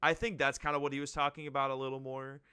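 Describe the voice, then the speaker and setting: Smooth-voiced young man giving advice. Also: mid-range voice, little pitch movement, pushed and bright. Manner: measured, advice-giving, filler-heavy. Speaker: podcast co-host. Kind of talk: casual podcast chat.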